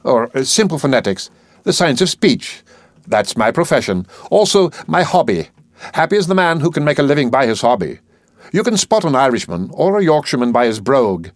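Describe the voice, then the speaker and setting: A man's voice: medium pitch, very animated, brisk, no echo, studio quality, voice pushed up, natural voice. A man reading an audiobook, voicing a brusque, arrogant male professor of phonetics who lectures and scolds emphatically. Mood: boastful.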